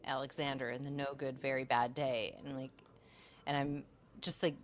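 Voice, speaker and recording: A young woman with a notably low voice co-hosts a casual podcast. She rambles through her stories with plenty of filler words and swears without a second thought. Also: level tone, normal speed, slight background noise. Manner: swears freely, rambling with many likes. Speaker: podcast co-host and coach.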